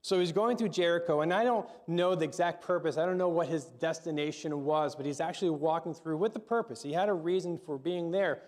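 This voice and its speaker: Preaching in a relaxed, conversational way, a middle-aged male pastor speaks fairly quickly with hardly any pauses. His voice is a little higher than most men's, and he stumbles, repeats words, and keeps asking the room questions.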